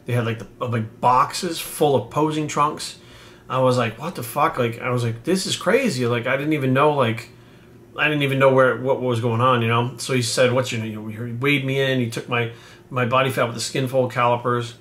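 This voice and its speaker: A man's voice: medium pitch, fairly even intonation, normal speed, a bit bright. A man in his forties from New England, telling a casual story to camera in a rambling, profane way with many fillers. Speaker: fitness coach.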